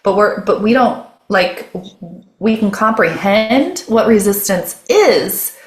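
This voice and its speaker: A woman's voice: mid-range voice, animated, takes it slowly. A woman speaking as a guest mentor, explaining her method in conversation, often restarting phrases and checking in with "okay?". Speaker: guest, nervous system mentor. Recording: roomy echo.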